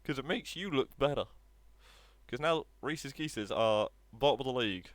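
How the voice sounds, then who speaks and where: A young man commentating on his own football video game match, laughing often and excitable. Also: medium pitch, normal speed, dry recording. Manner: giggly, excitable, laughs between lines. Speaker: gaming streamer.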